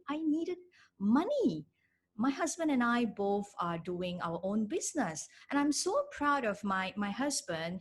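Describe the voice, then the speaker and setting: A middle-aged woman, teaching a live webinar as an online presence trainer, animated and emphatic, repeating her key phrases. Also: a little high, husky.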